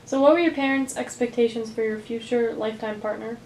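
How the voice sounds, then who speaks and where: A woman's voice: fairly high pitch, fairly even intonation, brisk, darkish tone. A woman interviewing an older man, asking short, direct questions and giving brief acknowledgments. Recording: roomy, distant mic with faint noise.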